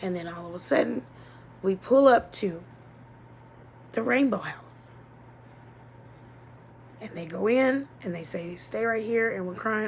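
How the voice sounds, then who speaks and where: A woman telling a painful childhood story as a personal testimony, halting and emotional, often dropping to a near-whisper. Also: mid-range voice, a little hiss or hum. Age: adult.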